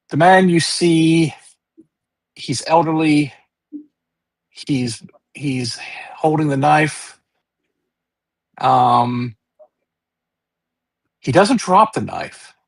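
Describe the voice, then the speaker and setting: A man narrating as game master of a tabletop game, slow and hesitant with frequent ums and restarts. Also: mid-range voice, expressive, gravelly.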